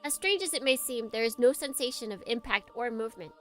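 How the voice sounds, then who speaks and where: Woman streamer, bright and higher-pitched, giggly, slips into hushed dramatic narration, faint music under her voice. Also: expressive, fast. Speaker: streamer reading a visual novel aloud. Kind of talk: let's play commentary and dramatic reading.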